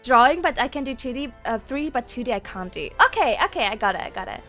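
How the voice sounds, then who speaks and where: Woman streamer, high voice, casual rambling chat, quick laughs, light swearing, faint soundtrack music behind. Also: sing-song, fairly bright tone. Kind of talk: casual livestream chat, reading chat aloud. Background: faint game-soundtrack music.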